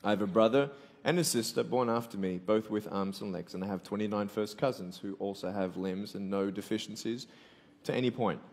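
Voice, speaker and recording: A man's voice: on the low side, brisk, a little mellow. A man in his twenties with an Australian accent, giving a sermon that mixes playful stories with earnest, pressing questions. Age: 20s. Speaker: motivational Christian speaker. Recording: long hall reverb.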